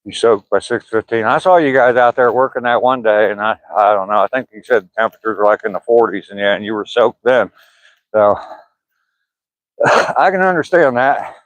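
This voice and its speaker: With a lowish voice at a moderate pace, an older Georgia man vlogs a livestreamed walk past pine woods, phone camera in hand. In his Southern accent he rambles casually, chuckles and reads the chat aloud, easygoing throughout, and there is no room sound.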